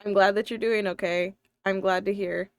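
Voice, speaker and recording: A woman's voice: mid-range voice, fairly even intonation, normal speed, clear, resonant tone, no room sound, studio quality. A young woman with a slight lisp, chatting casually on a live stream, thinking aloud and talking to her viewers. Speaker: live streamer and tabletop player.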